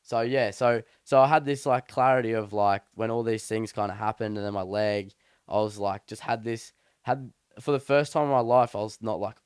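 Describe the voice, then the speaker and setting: A man's voice: lowish voice, steady tone, normal speed, smooth, no room sound, studio quality. A young man co-hosting a podcast, chatting casually and telling a story in a rambling, slangy way with many restarts. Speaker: podcast co-host. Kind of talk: casual chat.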